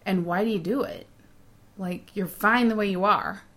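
A woman co-hosting a podcast, chatting casually and giving advice, animated and quick to laugh. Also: medium pitch. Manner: chatty, laughs often, animated when making a point. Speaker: podcast co-host.

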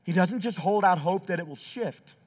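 A man's voice: sits high, moderate pace, a little mellow. A pastor preaching a sermon in a church, acting out quotes with big swings in his voice. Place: church sanctuary.

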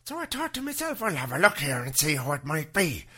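A chatty male wheeler-dealer, played by a man, spinning a rambling yarn with a jaunty lilt. The voice is bright and pitched above a plain speaking voice, and it swoops up and down often. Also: wildly swooping pitch, fairly quick, slightly rough, full character voice.

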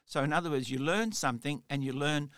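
A man's voice: fairly high pitch, fast, a bit bright, smooth, no echo, studio quality. A middle-aged man hosting a solo motivational podcast, talking in an earnest, rambling way full of "you know". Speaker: podcast host.

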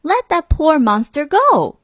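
A woman voicing a small, brave young male toad in a storybook reading, with a breathy voice. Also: fairly high pitch, very animated, unhurried, no echo, studio quality, voice pushed up. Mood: scolding. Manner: earnest, scolding pleas.

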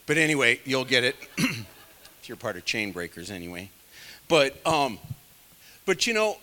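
A man's voice: mid-range voice, big pitch swings, a little slow, pauses often, sharp tone, long reverb tail. A man leading a casual Bible study, talking in a rambling, digressive and self-deprecating way, full of conversational asides. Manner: many fillers, conversational asides. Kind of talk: casual teaching sermon.

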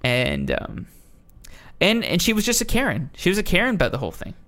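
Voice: mid-range voice, wildly swooping pitch, fairly quick, a bit bright. A podcast host in casual chat, ranting with plenty of swearing and frequent restarts. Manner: ranting, profane, with many restarts.

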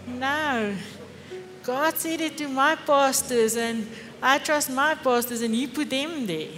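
A woman's voice: sits high, fairly even intonation, unhurried, a bit bright. A middle-aged woman pastor with an Afrikaans accent, preaching a sermon with fervour and rhetorical questions. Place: church hall. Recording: echoey church hall with faint music.

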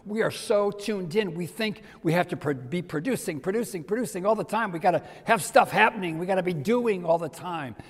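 An older man preaching a sermon in a conversational way, dropping to soft near-whispers for emphasis. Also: sits high, expressive, fairly quick, few pauses, husky. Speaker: pastor. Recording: reverberant hall.

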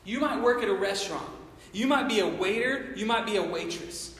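A man's voice: sits high, expressive, a little fast, a bit bright. A man preaching a sermon, full of impassioned rhetorical questions. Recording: echoey hall from far off.

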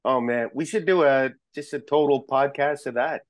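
A man chatting as a podcast guest, an excitable storyteller who rambles and restarts his sentences. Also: medium pitch, normal speed, no echo. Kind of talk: casual chat.

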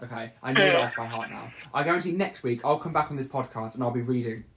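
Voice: medium pitch, fast, a bit bright, a little hiss or hum. A podcast host rambling through a casual chat and laughing often.

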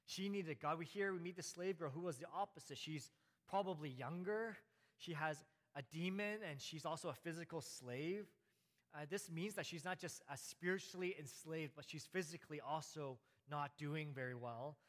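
Man preaching, casual sermon, slightly higher voice, echoing hall reverb. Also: normal speed, fairly bright tone. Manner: conversational, laughs often, repeats for emphasis. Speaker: pastor.

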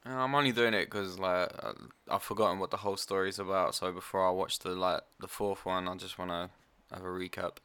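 A young man chats loosely, hedging and trailing off with fillers. His voice is bright and sharp-edged. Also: deep voice, steady tone, a little fast, few pauses, smooth. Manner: mumbling, hesitant, lots of fillers. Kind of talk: casual chat.

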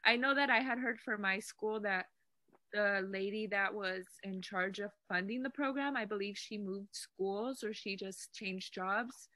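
Bright-voiced young woman, animated chat. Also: medium pitch, a little slow, no echo. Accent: Spanish. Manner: animated, uses filler words like "like". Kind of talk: casual chat.

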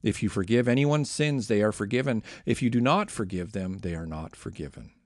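A man reading aloud and voicing a gentle, authoritative teacher who speaks calmly and measuredly in a scripture reading. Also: fairly low pitch, fairly quick, no echo, studio quality, lightly acted.

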